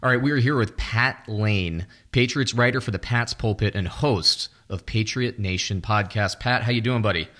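A man hosting a casual podcast, talking in a relaxed, rambling way with many fillers. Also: lowish voice, moderate pace, hardly any pauses. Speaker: podcast host.

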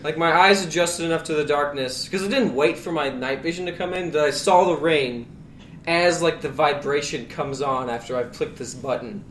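A man co-hosting a podcast, telling a story in a casual, animated way and swearing constantly. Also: a little high, normal speed, a little hiss or hum. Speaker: podcast co-host. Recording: echoey room, far from mic, music bed.

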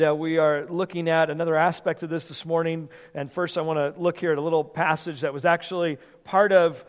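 A man preaching a sermon as pastor in a church, conversational and given to repeating words as he thinks. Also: a little high. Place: church sanctuary. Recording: long hall reverb.

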